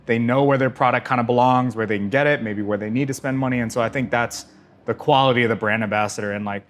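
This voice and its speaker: A man hosting a casual podcast, agreeable and relaxed, swearing now and then. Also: mid-range voice, fast talker, a little hiss or hum. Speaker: podcast host.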